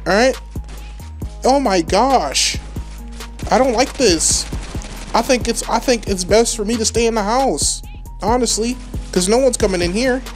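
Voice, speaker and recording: A woman giving live gameplay commentary as a gaming channel host, excitable and rambling, trash-talking opponents. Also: fairly high pitch.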